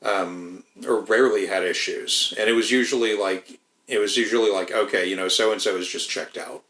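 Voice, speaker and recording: A man's voice: fairly low pitch, fairly even intonation, normal speed, fairly bright tone, reverberant, rough recording. A man in casual podcast chat, rambling with lots of swearing and restarts. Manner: rambling, profane, many restarts.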